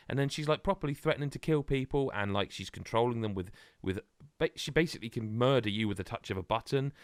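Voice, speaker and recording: A man co-hosting a podcast in casual chat, rambling and animated with many restarts. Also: mid-range voice, fast talker, few pauses, smooth, dry recording, clean studio sound. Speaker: podcast co-host.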